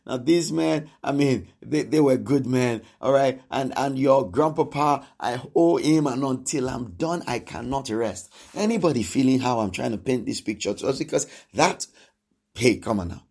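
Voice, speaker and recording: Man preaching, gravelly voice, keeps repeating lines and asking the crowd stuff, loud then soft. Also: medium pitch, moderate pace. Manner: emphatic, repeats phrases, asks the congregation questions; acts out quoted speech with sudden swings in loudness. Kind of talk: sermon.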